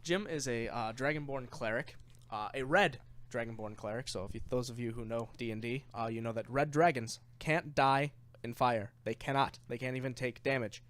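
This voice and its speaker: A man's voice: medium pitch, normal speed. A young man casually telling a rambling tabletop game story on a podcast, getting worked up and swearing as it goes. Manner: rambling, animated, swears when excited.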